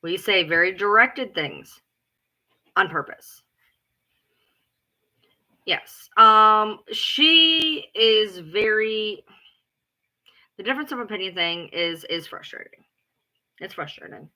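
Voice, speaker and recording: A woman talking in a casual rant to her followers, blunt and profane, repeating herself for emphasis and calling herself loud. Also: mid-range voice, animated, slow pace, long pauses. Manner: loud, self-described alpha female. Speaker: live streamer. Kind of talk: casual ranting chat.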